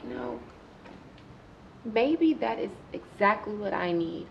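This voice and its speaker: An actress playing a dramatic, heartbroken young woman who gushes in quick bursts, with a slightly gravelly voice, in a comedy film. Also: mid-range voice, big pitch swings, lo-fi sound, noisy background, full character voice. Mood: dramatic, gushing. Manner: gushing and quick, swings between upset and charmed.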